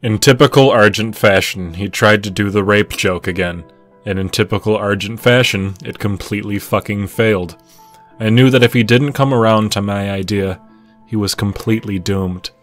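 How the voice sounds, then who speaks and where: A man's voice: fairly low pitch, moderate pace, faint music behind. A man narrating gameplay in a dry, mock-serious comedic tone. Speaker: narrator and game player.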